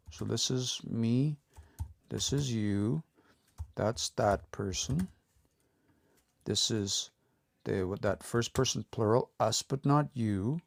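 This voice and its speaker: A man giving a casual live-streamed language lesson, explaining step by step and repeating words slowly, with relaxed, informal phrasing. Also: medium pitch, no room sound. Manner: relaxed, informal, says y'all and eh. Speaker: language teacher.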